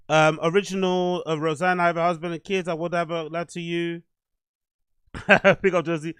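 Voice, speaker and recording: Casual host, raised voice, cursing, dry close sound. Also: male voice, sits high, a bit bright, dry recording. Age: adult, "you get older". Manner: swearing, rambling, self-deprecating. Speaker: podcast host. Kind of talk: casual livestream chat.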